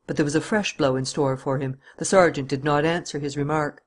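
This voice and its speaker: A man's voice: a little high, steady tone, a little fast. A man narrating a classic adventure novel as an audiobook reader.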